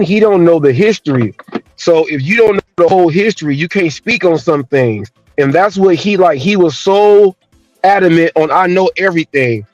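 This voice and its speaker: A man's voice: on the high side, darkish tone, dry recording, muffled recording. A man on a stream, explaining earnestly and lecturing about knowing history.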